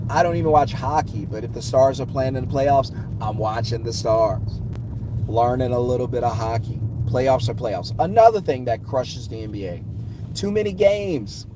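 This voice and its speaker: A man's voice: medium pitch, noisy background. A man vlogging his opinions on sports, talking in emphatic, punchy, repeated phrases while in a car. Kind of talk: casual opinion rant.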